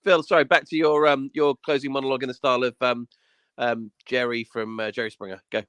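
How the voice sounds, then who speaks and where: Bloke on a podcast, jokey and emphatic, dry close sound. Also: male voice, mid-range voice, flat delivery, quick pace, a bit bright, smooth, no room sound. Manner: jokey, emphatic, repeats himself. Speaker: podcast co-host. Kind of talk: casual chat.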